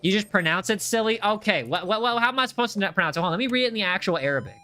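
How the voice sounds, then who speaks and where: Male livestream host reading chat; playful and teasing, sharp bright tone. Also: high voice, animated, rapid-fire. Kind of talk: live gameplay stream, reading chat aloud.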